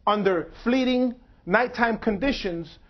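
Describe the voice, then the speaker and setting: A man speaking slowly and deliberately to an audience at a university, telling his own story. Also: high voice, highs cut off. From United States. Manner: slow, measured, deliberate delivery. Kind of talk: public talk. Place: university lecture hall.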